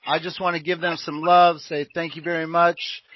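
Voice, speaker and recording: A man co-hosting a casual chat show, hesitant and halting, giving thanks and shout-outs. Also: fairly high pitch, little pitch movement, slight background noise. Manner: hesitant, many "uh" fillers, grateful. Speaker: co-host. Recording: muffled lo-fi audio.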